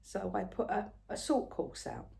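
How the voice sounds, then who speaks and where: An older woman, telling a rambling everyday story in a casual, chatty way, often soft and murmured. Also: medium pitch, sing-song, unhurried, creaky. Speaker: craft vlogger.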